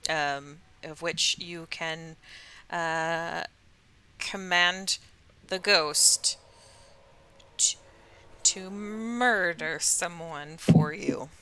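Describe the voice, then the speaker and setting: A woman's voice: sits low, extremely slow, long pauses, pushed and bright, smooth. A woman narrating a tabletop role-playing game as game master, in a casual, hesitant way with frequent laughs.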